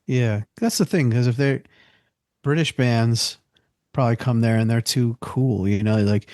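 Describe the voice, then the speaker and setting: A man with a mid-pitched voice co-hosts a podcast in relaxed, casual talk. His speech is loose and filler-heavy, with lots of "you know" and "like". The sound is dry and close. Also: measured pace, no echo. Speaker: podcast co-host.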